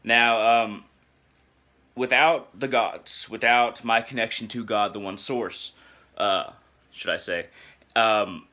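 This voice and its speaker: A young adult man speaking a personal reflection in a halting, earnest way, full of filler sounds and restarts as he searches for words. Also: lowish voice, fairly even intonation, bright, forceful tone.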